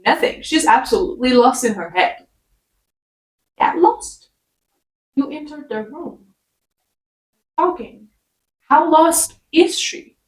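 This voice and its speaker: A high-pitched woman delivers a casual rant review, exasperated and sarcastic. She scolds the characters directly. Her voice rings in a roomy space, a little away from the mic. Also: animated, slow pace, pauses often, far from the mic. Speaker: book reviewer.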